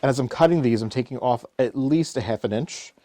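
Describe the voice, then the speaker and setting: A man's voice: mid-range voice, fairly quick, mellow, no room sound, studio quality. A middle-aged man giving a casual, chatty flower-arranging tutorial as a florist, joking as he works. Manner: chatty, jokey, self-deprecating. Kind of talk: casual floral design tutorial.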